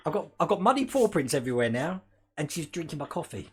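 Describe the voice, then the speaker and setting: A man's voice: fairly high pitch, sing-song, moderate pace, pauses often, a little hiss or hum. A man hosting a hobby model-building livestream at home, chatting casually and rambling, laughing often and talking to his dog. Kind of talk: casual live-stream chat.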